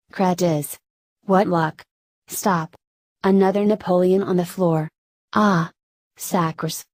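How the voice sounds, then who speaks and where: A woman voicing a boisterous, flattering old male French ex-soldier with a hoarse voice, in an audiobook reading. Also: on the low side, dry recording. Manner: effusive, flattering, exclamatory.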